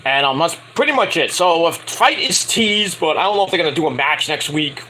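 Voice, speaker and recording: A man's voice: on the high side, animated, brisk, sharp tone, slight background noise, low-quality recording. Blunt, foul-mouthed man reviewing wrestling. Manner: blunt, crude and opinionated, swears freely. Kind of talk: casual review monologue.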